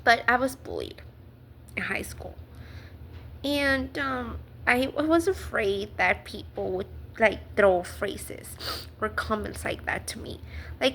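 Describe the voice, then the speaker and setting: Slow, earnest woman vlogging. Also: fairly high pitch, expressive, a bit bright, slight background noise. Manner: earnest, halting, many fillers and restarts, nervous laughs. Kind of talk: personal talking-to-camera vlog.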